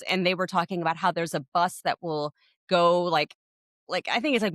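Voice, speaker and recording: A woman's voice: lowish voice, no echo, studio quality. A woman co-hosting a podcast, telling family stories in a casual chat and acting out the quotes. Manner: animated storyteller, acts out quotes. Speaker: podcast co-host.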